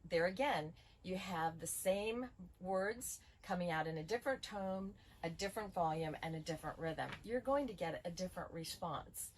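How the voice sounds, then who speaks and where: A middle-aged woman calmly explaining communication skills in a training video, giving examples. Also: fairly low pitch, normal speed, hardly any pauses, slight background noise, low-quality recording. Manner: calm, explanatory, gives examples. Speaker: school bus safety trainer.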